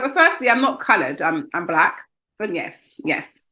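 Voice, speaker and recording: A woman with a British accent hosts a podcast, sharing her own stories with an easy laugh and imitating the people in them. Her pitch swings widely as she speaks. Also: unhurried. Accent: British English. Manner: expressive, laughing, mimics quoted people. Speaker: podcast host. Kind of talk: casual interview chat.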